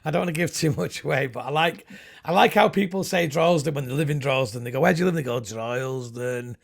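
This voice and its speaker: A man's voice: fairly high pitch, fast talker, vocal fry, husky. A middle-aged man, a comedian, chatting casually and telling rambling, jokey stories with little comic voices. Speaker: comedian guest. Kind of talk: casual chat.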